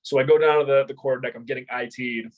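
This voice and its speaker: A man's voice: mid-range voice, fairly even intonation, quick pace, rough recording. A man in his thirties, a former Marine and martial arts instructor, telling stories in a casual interview, swearing freely, laughing and rambling with fillers. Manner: rambling with many fillers and restarts.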